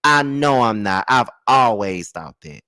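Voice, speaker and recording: A sassy man hosts a live gossip stream, swinging between loud high-pitched scolding and low, drawn-out asides. His voice sits at an ordinary middle pitch and sounds close and dry, with no room echo. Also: expressive. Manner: drawls terms like child and honey. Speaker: gossip show host.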